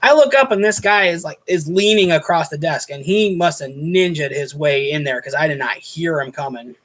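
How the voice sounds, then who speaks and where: High-voiced man telling an exasperated work story. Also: normal speed, a bit bright. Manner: rambling, exasperated, many restarts. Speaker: host recounting his hotel night-desk job. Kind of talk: casual storytelling monologue.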